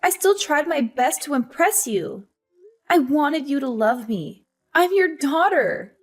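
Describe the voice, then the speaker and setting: A woman voicing a hurt but defiant young adult daughter in an animated story, talking in an earnest, emotional way. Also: high voice, unhurried. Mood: pleading.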